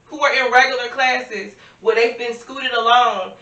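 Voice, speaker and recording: A woman's voice: fairly high pitch, steady tone, moderate pace, sharp tone. A woman on a chat panel, explaining her point earnestly and at length. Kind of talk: casual debate chat. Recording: roomy, distant mic.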